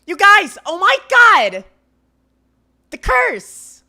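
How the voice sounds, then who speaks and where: A man voicing a bubbly, excitable young woman in a visual novel read-aloud, gushing and squealing. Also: very high voice, extremely slow, creaky, voice pushed up, exaggerated voice. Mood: ecstatic.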